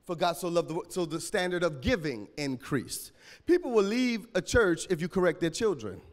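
Male pastor, high voice, AAVE, shouting sermon with a cracking voice, echoing church hall. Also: animated, moderate pace. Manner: preaching with call-and-response and sudden shouts.

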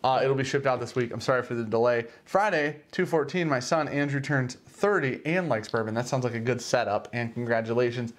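A middle-aged man co-hosting a whiskey livestream, loud and jokey, laughing often in casual banter. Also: mid-range voice, fairly even intonation, fairly quick, few pauses.

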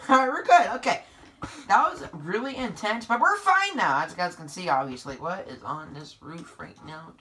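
A woman hosting a gameplay video, giving excitable, sarcastic running commentary to her viewers. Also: on the low side, moderate pace, slight background noise.

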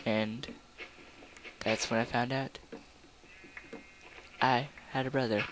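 Young man, gameplay commentary, goofy, rambling, loud outbursts, faint hiss. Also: medium pitch, flat delivery, measured pace. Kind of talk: casual gaming commentary.

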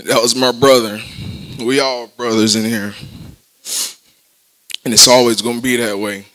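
Guy talking at a memorial, laughs between thoughts, bright clear tone. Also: mid-range voice, little pitch movement, a little slow, rough recording. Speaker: teammate giving a eulogy. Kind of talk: eulogy at a memorial service.

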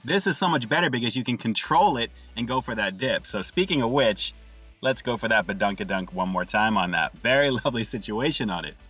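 A man's voice: mid-range voice, expressive, fairly quick, a bit bright, breathy edge, soft background music. A man doing an upbeat casual food review from inside a parked car, calling his viewers "guys" and chewing between lines.

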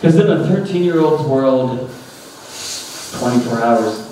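A man in his thirties performs stand-up on a small stage, his storytelling full of lively pitch swings and chuckles. He takes his time. The recording is roomy and distant, with loud noise behind it. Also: a little slow. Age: 30s. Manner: animated storytelling, laughing at his own lines. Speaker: stand-up comedian. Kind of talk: stand-up comedy. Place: small comedy venue stage. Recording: echoey room from far off, loud noise.

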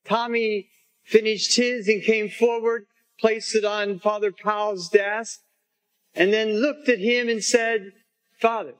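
A male priest telling a story as part of a homily, gently and without hurry. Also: high-pitched, rough recording.

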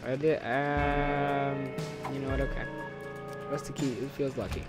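A man's voice: medium pitch, steady tone, moderate pace, over music. A young man hosting a casual let's-play, rambling, correcting himself, humming and joking to himself as he plays. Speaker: gaming channel host.

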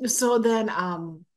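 An older woman telling her story as an interview guest, acting out her own past thoughts and laughing now and then. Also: medium pitch. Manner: expressive, acts out her own past thoughts, laughs often, repeats words. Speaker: interview guest recounting a near-death experience. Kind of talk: animated personal storytelling.

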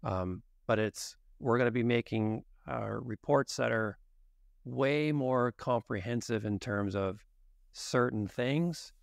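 A man's voice: medium pitch, slow pace, gravelly, no echo, clean studio sound. A man as a guest expert on a podcast interview, explaining in detail and acting out exchanges with patients. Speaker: guest expert on genetics and nutrition.

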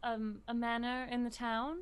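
A woman's voice: fairly high pitch, flat delivery, normal speed, clean tone, lightly acted. A woman playing a flustered noble adventurer. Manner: hesitant, apologetic, stammering.

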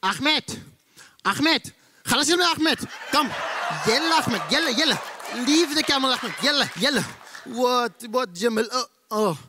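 A man doing a yelling Arab villager. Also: very high voice, lively intonation, background noise, pitched above the performer's own voice. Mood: shouting. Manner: shouting, fast and insistent. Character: excited Arab man yelling for his friend.

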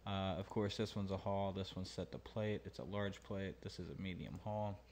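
A man's voice: sits low, fairly even intonation, moderate pace, darkish tone, a little hiss or hum. A man hosting a mixing tutorial, talking casually and thinking aloud with many fillers. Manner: laid-back, thinking aloud with many ums and uhs. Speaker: mixing engineer and channel host.

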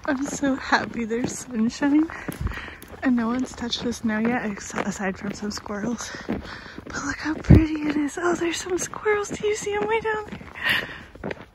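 A chatty woman with a fairly high voice talks straight to her viewers in a loose, rambling way. She giggles between thoughts and drifts easily from one remark to the next. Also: animated, unhurried, heavy background noise. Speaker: vlogger. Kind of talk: casual vlog chat.

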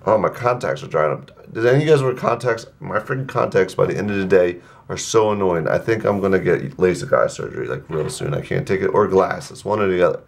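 A man's voice: deep voice, a little fast, gravelly, hardly any pauses. A young man chatting casually in a travel vlog, laid-back and slangy, recorded outdoors. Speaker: vlogger. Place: outdoors at a beach town.

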